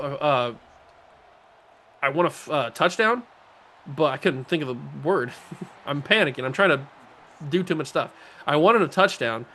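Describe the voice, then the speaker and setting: Fairly high-pitched and recorded with slight background noise, this gaming channel host narrates his own video game with jokey play-by-play. He talks to himself throughout, veering from quiet muttering to excited shouts.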